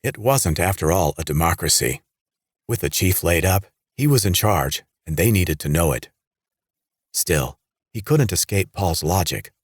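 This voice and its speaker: A man reading a horror audiobook in steady scripted narration. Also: low voice, unhurried, breathy edge, no echo, clean studio sound.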